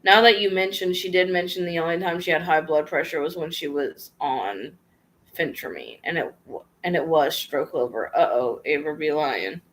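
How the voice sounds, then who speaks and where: Her voice sits low and a bit bright, moving at a moderate pace, as this woman vlogger reads viewer questions aloud on a casual livestream. She answers them frankly and offhand in a chatty, slangy manner.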